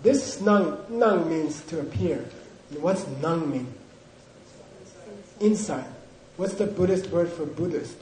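A man leads a language lesson in a joking, drilling manner, his voice pitched fairly high. He speaks unhurriedly. The room is echoey and full of students. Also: animated, slow, a little mellow. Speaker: language teacher. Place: classroom with students. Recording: echoey room with class audience.

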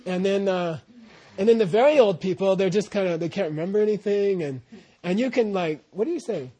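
Guy with a mellow breathy voice, rambling casual stories to a group, lots of side tangents. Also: high voice, a little fast. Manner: meandering, with many asides. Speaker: translator telling stories about his teacher. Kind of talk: casual anecdotal talk to a group.

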